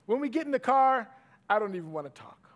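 A middle-aged man preaching a sermon, swinging from loud emphatic bursts to hushed asides. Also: very high-pitched, expressive, fast talker, lo-fi sound. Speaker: pastor.

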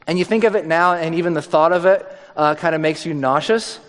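A man's voice: a little high, brisk, big-room sound. A male pastor giving a conversational, joking sermon.

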